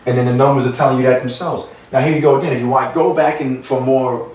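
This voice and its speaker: A man's voice: medium pitch, fairly even intonation, fast talker, darkish tone. Man rambling in a roomy distant recording. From United States. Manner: meandering, repetitive, earnest. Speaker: spiritual channel host. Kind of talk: rambling spiritual monologue. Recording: roomy sound, mic at a distance.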